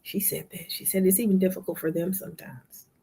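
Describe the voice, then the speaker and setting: A woman with a lowish, husky voice hosts a live online show. She speaks loosely and conversationally to her viewers, calling them "y'all" and acting out the back-and-forth of a conversation she had. The tone is a relaxed storytelling chat. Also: a little fast. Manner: chatty, addresses viewers as "y'all", retells conversations in quoted dialogue. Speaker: livestream show host. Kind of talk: casual storytelling to a live audience.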